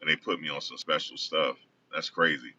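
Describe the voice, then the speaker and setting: A man's voice: rumbling low, fairly even intonation, a little fast, pushed and bright. A man casually telling a rambling personal story, often correcting himself. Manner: rambling, self-correcting, conversational. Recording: distant dull lo-fi recording.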